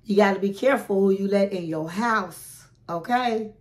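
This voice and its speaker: A woman's voice: medium pitch, moderate pace. A woman hosting a casual reality TV recap, chatty and dramatic, acting out the quotes and calling the listener honey.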